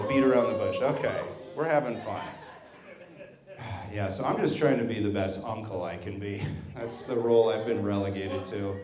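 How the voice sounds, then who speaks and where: Wry self-deprecating male comedian. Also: mid-range voice. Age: 30s. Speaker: stand-up comedian. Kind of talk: stand-up set. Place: brewery venue with a live audience. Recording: echoey room with a crowd.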